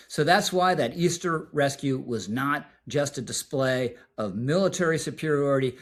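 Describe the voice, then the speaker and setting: A man with a mid-range voice delivers scripted political video commentary, measured and emphatic, slowing down to stress key words.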